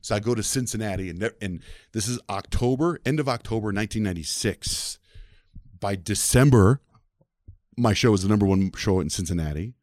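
Man in his fifties, deep voice, rapid animated storyteller, dry close sound. Southwestern US. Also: no echo. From southwestern United States. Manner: animated, acts out quoted voices. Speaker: interview guest, radio personality. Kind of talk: conversational storytelling.

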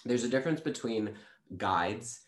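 A man who is a guest on a podcast, telling spiritual stories in a halting way with many restarts. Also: mid-range voice, expressive, roomy sound. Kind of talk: casual spiritual storytelling.

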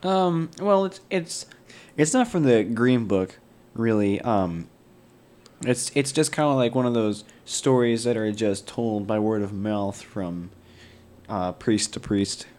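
A man's voice: on the low side, takes it slowly, darkish tone. A man playing his character in a tabletop role-playing game, speaking hesitantly with frequent fillers. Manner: hesitant, with many fillers and restarts. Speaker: player.

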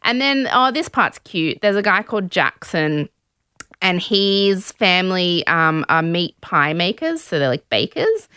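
A woman's voice: lowish voice, very animated, unhurried, pushed and bright, smooth, no echo, clean studio sound. A woman co-hosting a podcast, chatting casually and recapping a show, laughing often and acting out quotes. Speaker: podcast co-host.

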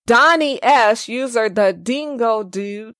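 A woman's voice: a little high, takes it slowly, fairly bright tone, no echo. Chatty woman podcast host, dry sound. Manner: chatty, reads listener comments aloud. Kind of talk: casual podcast chat.

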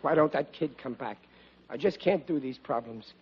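A man's voice: mid-range voice, moderate pace, over loud music, lightly acted. An actor playing a blustering, bumbling working-class father in a 1940s radio comedy, stammering when flustered, on a lo-fi old broadcast.

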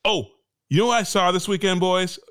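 A man's voice: high voice, fairly quick, fairly bright tone, clear, resonant tone, soft background music. A man co-hosting a casual podcast chat, teasing the others and chuckling, with some swearing. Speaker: podcast co-host.

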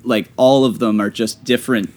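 A man's voice: medium pitch, fairly even intonation, moderate pace, a little mellow. Easygoing man chatting about films. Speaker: film podcast co-host. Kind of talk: casual film review chat.

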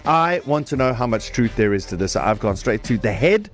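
A man hosting a morning radio show, animated and quick to laugh, from South Africa. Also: mid-range voice, soft background music. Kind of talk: lively morning radio banter.

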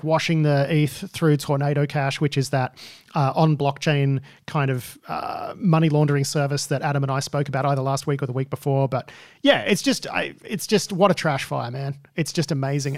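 A man's voice: on the high side, dry recording, studio quality. A man hosting a news podcast, chatting casually and wryly, with many fillers. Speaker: podcast host.

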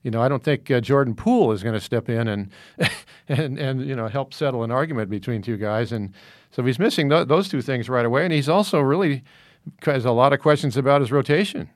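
A man's voice: mid-range voice, brisk, dry recording, studio quality. A man talking through basketball analysis in casual discussion, rambling with many fillers and restarts.

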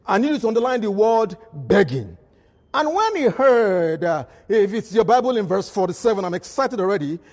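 A male pastor preaching a midweek sermon with emphatic, repeated phrases and bursts of shouting in a church hall. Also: sits high, sing-song, moderate pace. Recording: long reverb of a large hall.

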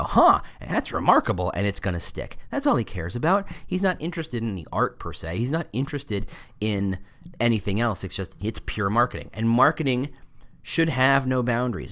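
A man's voice: medium pitch, fairly bright tone. A man hosting a podcast, talking through an opinionated casual monologue with plenty of fillers and restarts. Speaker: podcast host.

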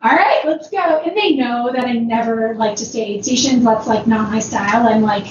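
An ultrarunner guest, a woman, tells a long personal story in a loose, rambling way, full of fillers, many "like"s and frequent laughter. Her voice is on the high side and a little fast. The recording sounds roomy, distant and dull, with a noisy background.

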